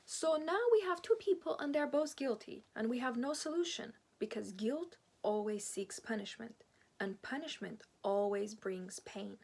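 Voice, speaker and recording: A woman's voice: on the high side, normal speed, creaky, breathy edge. Earnest woman giving relationship advice. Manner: earnest, animated, non-native phrasing. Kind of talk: advice monologue.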